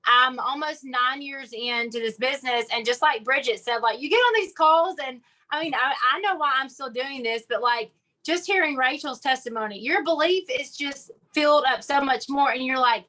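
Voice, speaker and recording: A bright, forceful woman from Arkansas talks with a Southern accent. Her voice sits a little high, and she speaks in a chatty, upbeat way on a group call. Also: moderate pace. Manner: chatty, upbeat, uses y'all and like. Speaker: guest speaker on a business call. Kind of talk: casual motivational talk.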